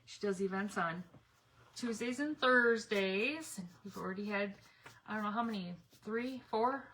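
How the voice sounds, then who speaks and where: A woman's voice: mid-range voice, a little slow, fairly bright tone. A middle-aged woman chatting casually and rambling as she paints a craft project on a home livestream, laughing often. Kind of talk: casual live-stream chat while painting. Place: home yard or garage. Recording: noisy home livestream audio.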